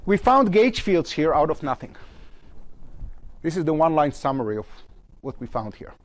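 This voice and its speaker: A man giving a university physics lecture at a blackboard, his phrases often trailing off low at the end. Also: moderate pace. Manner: lively pitch, trails off low at phrase ends. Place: lecture hall.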